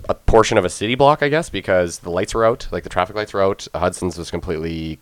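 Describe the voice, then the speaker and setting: Podcast co-host, man, very low voice, quick delivery, dry sound. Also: no echo. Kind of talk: casual chat.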